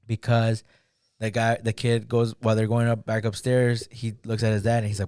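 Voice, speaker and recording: A podcast guest with a lowish, darkish voice that barely moves in pitch speaks briskly, recounting a film plot in casual chat. He rambles, says "like" constantly and acts out the characters' lines; the recording is studio quality with no room sound.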